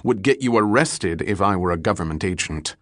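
A shrewd, hard-pressing male detective, clipped and firm in every line, as a man reads him. His voice is low and sits close and dry. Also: lively intonation, a little fast, a bit bright, no echo. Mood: cold, pressing.

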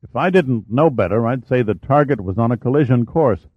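A man voicing a steady ship's first officer giving matter-of-fact reports. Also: medium pitch, brisk, slightly rough, no echo. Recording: dry, slightly dull recording.

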